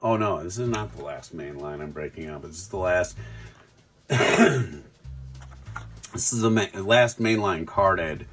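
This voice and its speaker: A man's voice: sits low, measured pace, pauses often, a bit bright, a little hiss or hum. A middle-aged man reviewing toys in a casual unboxing, fond and chatty, full of ums and restarts. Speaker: toy reviewer.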